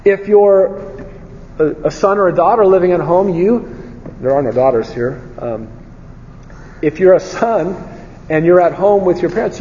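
A man preaches in a relaxed, conversational way, his voice a touch high and warm. He tells candid stories from his own life and tosses rhetorical questions to the room. The recording is dull and lo-fi, with a long hall reverb and faint ambience behind him. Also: a little hiss or hum. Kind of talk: conversational sermon.

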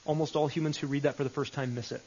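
A man's voice: a little high, steady tone, rapid-fire, darkish tone, a little hiss or hum. A man leading a live Bible study session, talking conversationally and repeating phrases with shifting emphasis. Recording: dull lo-fi recording.

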